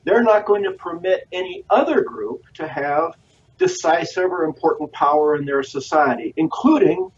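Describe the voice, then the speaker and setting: A man answers as a guest historian on a radio interview, his voice sitting fairly high for a man. He lectures in a measured way, stringing long lists together with frequent "uh" pauses. The audio sounds dull and lo-fi, and he seems set back from the mic. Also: sing-song, far from the mic, slight background noise.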